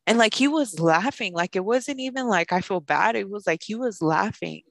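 Young woman podcaster telling a story, super animated, says like a lot, dry sound, no room echo. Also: medium pitch, moderate pace, creaky. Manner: animated, fills speech with "like", acts out quoted voices. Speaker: podcast co-host. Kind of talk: casual personal storytelling.

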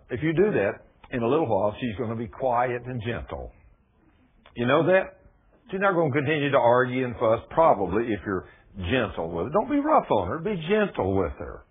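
A male preacher, giving a folksy sermon that builds into loud, emphatic preaching. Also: medium pitch, very animated, a little fast, breathy edge. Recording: muffled phone-like radio broadcast.

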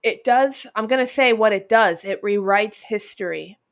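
A woman's voice: mid-range voice, normal speed. A young woman co-hosting a casual chat show, rambling through her thoughts and laughing along. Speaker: podcast co-host.

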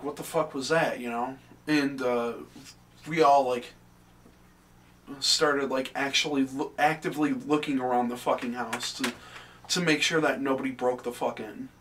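A young man co-hosting a podcast, telling a ghost story in animated, swear-heavy casual chat. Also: mid-range voice, unhurried. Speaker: podcast co-host. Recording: distant mic with faint background noise.

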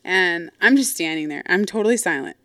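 Low-voiced woman telling a story frankly. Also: lively intonation, normal speed, fairly bright tone, dry recording, studio quality. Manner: candid, swears freely, quotes others animatedly. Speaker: podcast host. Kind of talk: casual storytelling.

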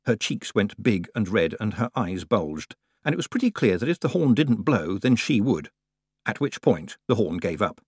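Lively man narrating a storybook. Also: lowish voice, normal speed, slightly rough, no room sound, clean studio sound. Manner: lively, expressive reading. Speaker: audiobook narrator.

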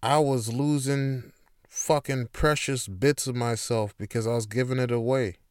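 Slow-spoken, candid podcast man. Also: medium pitch, fairly even intonation, a little mellow, clear, resonant tone, no echo, studio quality. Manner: candid, profane, emphatic. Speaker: podcast host. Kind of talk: casual motivational monologue.

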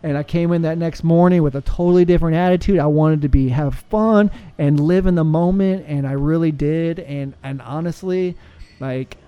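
A man's voice: fairly high pitch, normal speed, clear, resonant tone, muffled recording. A man with a Texan accent, a firefighter guest, speaking earnestly in a casual interview and laughing often. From United States.

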